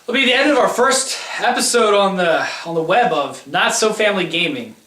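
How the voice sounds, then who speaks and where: A young man co-hosting a casual gaming chat, deadpan and blunt, swearing, sometimes breaking into excited rants. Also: sits high, normal speed, recorded from a distance. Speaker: co-host. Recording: echoey room.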